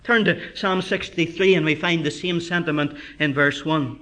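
A man preaching a sermon with fervent emphasis, slowing down for scripture and dropping into quiet asides to the congregation. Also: on the high side, steady tone. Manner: emphatic, builds to fervent climaxes; drops to a quiet conversational aside.

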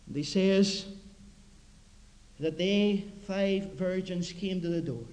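A man preaches a mission sermon with a strikingly high voice. He swings from quiet, low asides to loud, impassioned appeals. His voice rings out in a hall with a long echo. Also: slow pace.

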